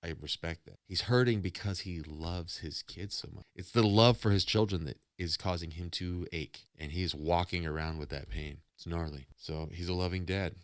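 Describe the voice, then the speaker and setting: A man with a low, deep voice talks on a casual reaction stream, rambling and preaching in long run-on thoughts. The sound is dry and close, with no room around it. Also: moderate pace, hardly any pauses, dry recording. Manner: rambling, preachy, philosophizing about love and faith. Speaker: streamer host.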